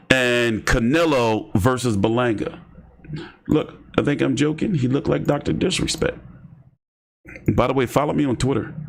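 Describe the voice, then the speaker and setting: A man hosting casual boxing commentary, rambling and joking with slang and lots of fillers. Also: a little high. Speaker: host.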